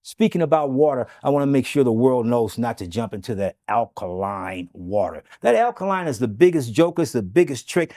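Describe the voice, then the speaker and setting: A man talking casually about home health remedies, telling animated stories and often adding "okay?". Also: medium pitch, brisk, few pauses. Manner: animated storytelling, acts out his grandfather's voice; emphatic, keeps adding "okay?". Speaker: health talk guest.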